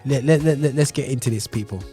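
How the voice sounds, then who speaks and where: A man with a London accent hosts a podcast. He banters casually in a playful, slangy way, at an ordinary middle pitch. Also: quick pace, music in the background. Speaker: podcast host. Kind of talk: casual chat.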